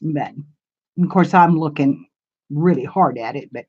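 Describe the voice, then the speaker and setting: Slightly rough and low, this older woman's voice moves a little slowly as she hosts her crafts channel live, answering viewers' comments in a rambling, homey, casual chat. It's recorded on a camera mic and sounds muffled.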